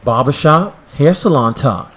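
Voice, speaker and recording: A man's voice: mid-range voice, animated, a little slow, a bit bright, breathy edge. A man co-hosting a casual talk show, easygoing and agreeable. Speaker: co-host.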